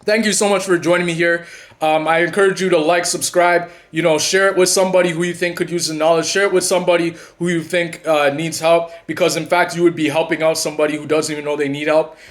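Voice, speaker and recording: A man with a fairly high voice talks straight to his viewers in a loose, unscripted monologue. He keeps restarting his sentences and repeating words. When he retells past conversations he drops lower and quieter. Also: flat delivery, fast talker. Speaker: channel host and narcissism coach. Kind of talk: casual talking-to-camera monologue.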